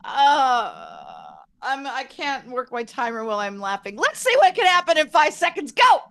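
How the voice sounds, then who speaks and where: A woman's voice: high voice, animated, a little fast, pushed and bright. A woman hosting an online improv game, playfully calling out timed rounds and laughing along. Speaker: improv game host and timer. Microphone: video call.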